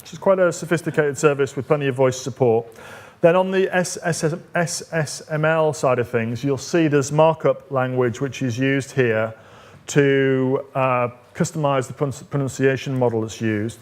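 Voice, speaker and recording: A man leads a live coding demo, talking the audience through each step. His pitch sits at an average level, and he speaks in a loose, conversational way with plenty of "uh"s as he thinks aloud. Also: normal speed. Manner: conversational, explaining step by step with frequent fillers. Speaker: technical evangelist presenting a demo.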